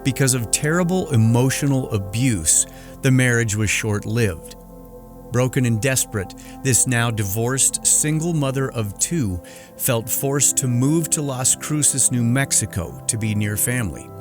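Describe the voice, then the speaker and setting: Male host, scripted narrator, measured and formal, clear music bed. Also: mid-range voice, lively intonation. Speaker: podcast host.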